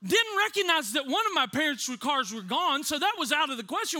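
High, bright-voiced animated preacher man. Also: a little fast, few pauses. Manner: animated, laughs often, acts out voices. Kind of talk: sermon with comic storytelling.

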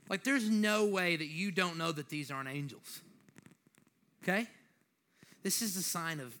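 A man's voice: a little high, a bit bright. A young man preaching a sermon with a slight lisp, joking and conversational at times, then building to emphatic exhortation.

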